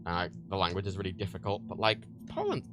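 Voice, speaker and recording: A man's voice: low-pitched, huge pitch swings, quick pace, music in the background. A man from Ireland, hosting a livestream, chatting casually and rambling with repeated words and fillers while he packs prints at home. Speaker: livestream host. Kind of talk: casual chat while packing orders. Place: home workspace, packaging prints.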